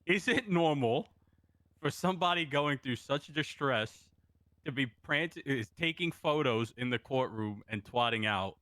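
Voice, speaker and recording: A man's voice: mid-range voice, animated, unhurried, fairly bright tone, no room sound. A man in role-play court, flustered and tongue-tied while asking questions. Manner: flustered, stumbling. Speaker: party cross-examining a witness.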